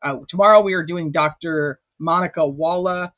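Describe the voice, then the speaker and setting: A man's voice: fairly high pitch, moderate pace, a bit bright, no echo, muffled recording. A man hosting a casual livestream chat, rambling and chatty with lots of filler words. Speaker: host.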